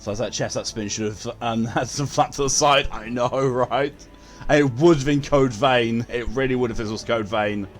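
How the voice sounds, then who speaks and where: A man's voice: mid-range voice, normal speed, faint music behind. A man chatting casually with viewers while streaming a game, blunt and given to swearing. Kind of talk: casual live-stream chat.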